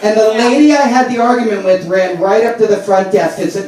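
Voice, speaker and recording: Loud brash New comedian. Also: male voice, sits high, quick pace, few pauses. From the Bronx, New York. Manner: loud, brash, animated storytelling to a crowd. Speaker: stand-up comedian. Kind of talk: stand-up comedy set. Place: brewery stage with a live audience. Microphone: handheld microphone. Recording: echoey room recorded from far off.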